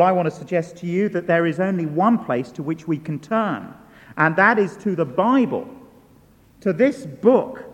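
A man preaching a sermon in a large church, measured and deliberate, repeating key words for emphasis. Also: sits high. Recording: long church reverb.

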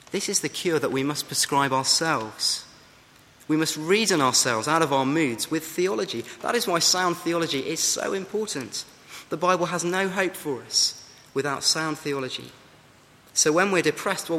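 A man's voice: a little high, a bit bright. A man preaching a sermon, earnest and exhorting, often asking the congregation rhetorical questions. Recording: long hall reverb, faint background hum.

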